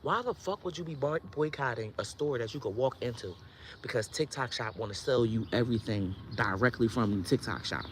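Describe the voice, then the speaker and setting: A woman's voice: very deep voice, a little fast, a little hiss or hum. A woman who sells herbal products, ranting on her vlog in a heated, blunt, profane way. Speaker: herbal products seller and content creator.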